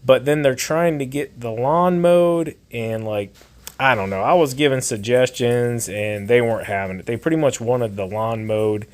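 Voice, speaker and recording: A man's voice: mid-range voice, moderate pace, no room sound. A man who owns a lawn care and storage business, talking casually to camera outdoors in a rambling way with plenty of fillers. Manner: conversational, rambling with many fillers. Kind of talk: casual vlog talk to camera. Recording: loud outdoor background noise.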